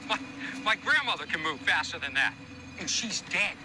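An actor playing a sarcastic high school lacrosse coach who taunts a player, in a clip from a TV series. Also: male voice, big pitch swings, normal speed. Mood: mocking. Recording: clip from a TV series with loud background noise.

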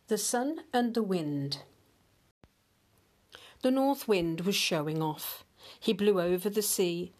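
Brief: older grandma narrator reading a children's fable, unhurried and expressive. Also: female voice, medium pitch. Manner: gentle, expressive storytelling. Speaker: grandmother reading storybooks aloud. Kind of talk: storybook read-aloud narration.

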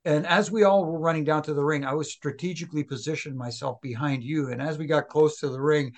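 A man from Toronto, co-hosting a podcast and telling relaxed anecdotes with easy laughter. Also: fairly high pitch, a little fast. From Toronto, Canada. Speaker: retired referee, podcast co-host. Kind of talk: casual chat.

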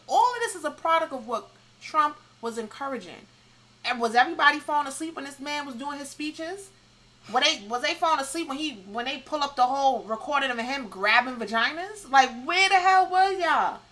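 A woman co-hosting a podcast, blunt and animated in casual chat, with frequent laughs. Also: high voice, rough recording. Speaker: podcast co-host.

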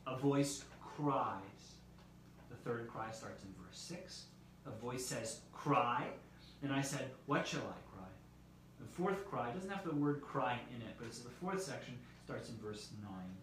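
A man preaching a sermon as pastor, measured, with his voice dropping softly at the ends of phrases. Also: mid-range voice, lively intonation. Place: church meetinghouse or similar room, streamed live. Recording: very echoey room, heard from a distance, faint hiss.

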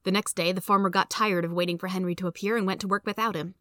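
A woman's voice: medium pitch, quick pace, dry recording. A woman narrating a storybook, dry sound. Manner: steady, clear storytelling. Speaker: host and reader. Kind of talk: reading a story aloud.

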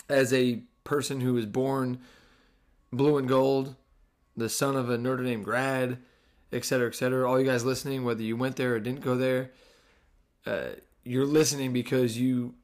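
A young adult man from New Jersey with a New Jersey accent, hosting a casual solo podcast in a sarcastic, animated, swearing manner. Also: medium pitch, unhurried, pauses often. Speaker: podcast host.

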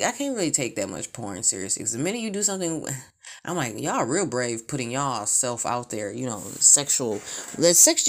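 A woman talking frankly in a casual monologue, rambling and profane, with blunt asides and bursts of mimicry. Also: a bit bright. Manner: mimics sounds with shrill outbursts. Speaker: vlogger.

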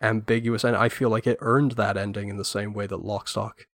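A man with a lowish voice talks at length and with enthusiasm, giving firm opinions. The recording is dry and close, with no room sound around him. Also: flat delivery, brisk, a bit bright, no room sound. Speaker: podcast guest. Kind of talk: casual film podcast chat.

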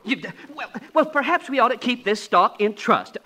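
An actor playing a stuffy, absent-minded company stockholder, hesitant and prim, in a 1940s radio comedy. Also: male voice, very high voice, expressive, moderate pace, bright, forceful tone, full character voice.

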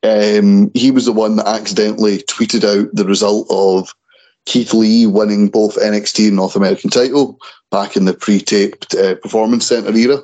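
Co-host, male, low register, loose chatty delivery that trips over names. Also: flat delivery, moderate pace, darkish tone, rough recording. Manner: stumbles and restarts over names. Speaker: wrestling podcast co-host. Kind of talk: casual chat.

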